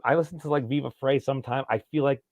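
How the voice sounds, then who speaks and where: A man hosting a casual podcast, rambling and jokey with a creaky voice. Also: mid-range voice, steady tone, fast talker, darkish tone, dry recording. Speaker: podcast host.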